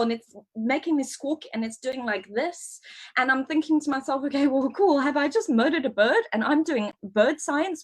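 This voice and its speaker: A woman on a video call playing a scatterbrained, excitable woman who is failing her bird science course, rambling and flustered in an improvised comedy scene. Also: high-pitched. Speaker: improv performer. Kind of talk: improvised first-person storytelling.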